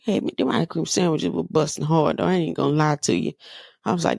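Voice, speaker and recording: A woman's voice: deep voice, fairly even intonation, fast talker, creaky, a little mellow, dry recording, studio quality. A woman in her thirties hosting a podcast, talking candidly in a loose, conversational way with lots of fillers. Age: 30s. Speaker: podcast host. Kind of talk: personal monologue.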